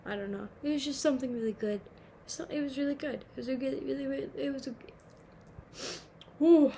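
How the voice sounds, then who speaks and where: Her voice is fairly high with vocal fry and a dark tone as this nineteen-year-old woman talks to her camera at home. She rambles, swears and pokes fun at herself in a casual vlog chat, with slight background noise on the camera mic.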